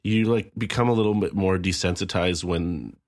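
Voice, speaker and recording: A man's voice: low-pitched, moderate pace. A man co-hosting a podcast, musing casually and hedging with fillers like "you know". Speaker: podcast co-host. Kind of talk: casual chat.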